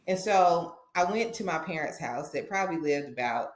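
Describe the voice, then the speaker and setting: A woman's voice: fairly low pitch, normal speed. A woman guest on a podcast, telling a personal story and acting out the dialogue with feeling. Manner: animated, acts out dialogue in her stories. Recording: roomy echo.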